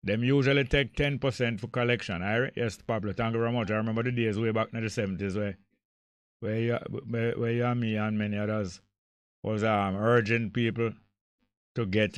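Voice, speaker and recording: An older man with a Jamaican accent hosting a call-in radio show, reading out listener messages and answering them in an animated, argumentative way. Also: fairly low pitch, moderate pace, clean tone, dry recording. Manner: reads listener messages aloud, argues back heatedly. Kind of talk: casual call-in radio talk.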